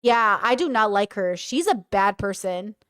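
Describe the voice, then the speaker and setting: Woman, reaction commentary, reads messages aloud, blunt, slangy, smooth voice. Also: mid-range voice, animated, fairly bright tone, no room sound, studio quality. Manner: blunt, slangy, quick judgments.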